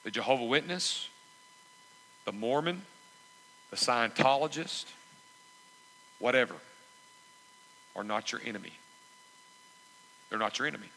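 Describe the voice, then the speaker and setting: A man preaching a sermon, emphatic and repetitive, swelling into loud exhortations. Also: medium pitch, animated, unhurried, vocal fry, long pauses, long reverb tail, poor audio. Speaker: pastor.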